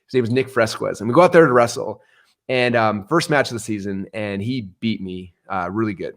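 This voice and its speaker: A middle-aged man telling stories in an interview, energetic and animated, acting out the voices he quotes. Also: lowish voice, a little fast. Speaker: guest. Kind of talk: storytelling interview answer.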